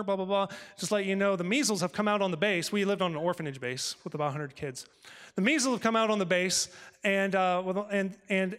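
A male pastor telling a personal story in a sermon, acting out conversations with lively shifts of voice. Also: high-pitched, in a large hall. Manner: animated, acts out dialogue with God and his wife.

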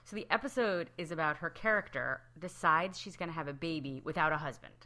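A woman in her thirties co-hosting a casual podcast chat, animated and quick to act out what others said. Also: low-pitched. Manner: animated, acts out quotes in raised voices. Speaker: podcast co-host.

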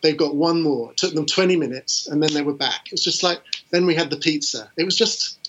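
A middle-aged British man telling stories about his fundraising career in an animated, enthusiastic way, with lots of fillers. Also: on the high side, a little fast, background noise. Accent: British English. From England. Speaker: interview guest, fundraiser. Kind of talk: conversational storytelling. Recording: dull lo-fi sound.

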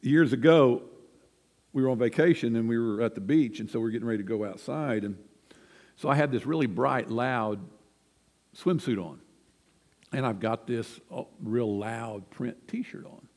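A man's voice: mid-range voice, moderate pace, a little mellow, long reverb tail. An older man preaching a sermon, telling folksy, self-deprecating family stories from the pulpit in a church. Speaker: pastor. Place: church sanctuary.

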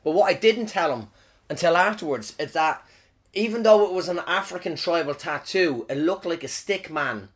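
A man's voice: on the high side, animated, moderate pace. A man in his thirties, hosting a podcast alone and telling crude comic stories, swearing and rambling with frequent restarts. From Ireland. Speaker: podcast host. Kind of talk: casual comic storytelling monologue.

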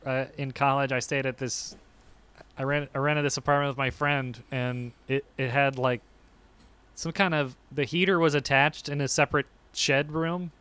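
A young man co-hosting a podcast tells animated stories in casual conversation, acting out quotes with sudden yelps. His mid-range voice is smooth and moves at normal speed.

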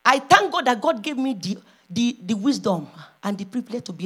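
A pastor's wife preaching a sermon, moving from hushed storytelling to loud, impassioned calls. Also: female voice, on the high side, very animated, a little fast, slightly rough.

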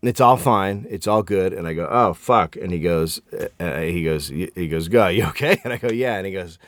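This is a low-pitched middle-aged man at a moderate pace, co-hosting a podcast with no room sound. His casual story is loaded with profanity and quotes he acts out lively.

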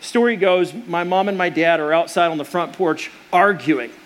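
A man's voice: on the high side, normal speed. A middle-aged man preaching a sermon, earnest and storytelling, with restarts and fillers. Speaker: pastor.

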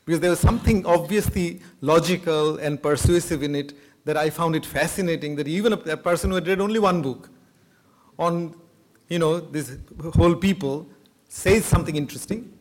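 A man from Bengal, giving an academic lecture with a reflective manner and occasional soft laughs. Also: a little high, a little fast. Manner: thoughtful, laughs between points.

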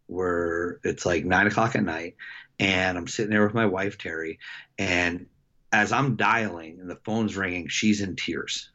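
Deep-voiced man, halting and dull-sounding. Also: fairly bright tone. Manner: halting, many fillers and restarts. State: emotional. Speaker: coach. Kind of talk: casual interview storytelling.

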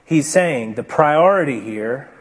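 A man preaching a sermon, moving between emphatic, raised passages and hushed, slow, deliberate ones. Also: mid-range voice, animated, slightly rough. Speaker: pastor.

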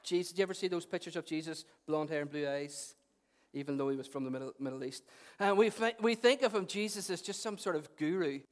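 High-voiced lively preacher. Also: male voice, fast talker. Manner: animated, talks to the congregation by name. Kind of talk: lively sermon with humor.

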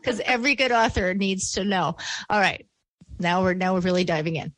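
A woman's voice: medium pitch, a little fast, a bit bright, no echo. A chatty podcast host with a light Western New York accent, upbeat and playful as she runs a silly game. Her voice sits in a middle register. The recording is dry and close, with no room sound. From Buffalo, New York. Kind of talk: casual conversational interview.

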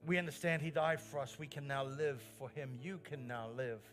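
A man's voice: mid-range voice, moderate pace, fairly bright tone, soft background music. A male pastor delivering an earnest sermon in a church, stressing lines by repeating them. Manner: earnest preaching with rising emphatic phrases and repeated lines.

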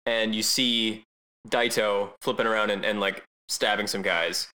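A man talks through his take on a movie in a relaxed podcast, his voice bright and forward. He often trips over his first words and restarts, then keeps going in an easy conversational flow. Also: fairly low pitch, a little slow. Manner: stammering restarts. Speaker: podcast co-host. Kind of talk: casual movie discussion.

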